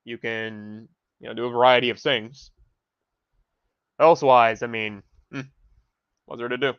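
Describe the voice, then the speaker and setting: A man's voice: mid-range voice, steady tone, a little slow, clear, resonant tone, dry recording. A young man hosting a livestream, ranting with heavy swearing and rambling restarts, and dropping Spanish phrases into his talk. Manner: profane, rambling, heated. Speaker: livestream host. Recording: dull lo-fi home mic.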